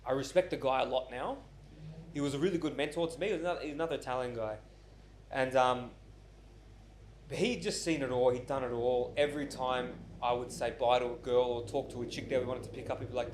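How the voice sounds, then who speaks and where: A man's voice: medium pitch, a little fast, slight background noise. A man in his twenties or thirties, hosting a podcast and telling stories casually, acting out other people's voices and swearing freely. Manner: animated storyteller who acts out quoted voices, swears often. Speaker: podcast host. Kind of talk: casual storytelling chat.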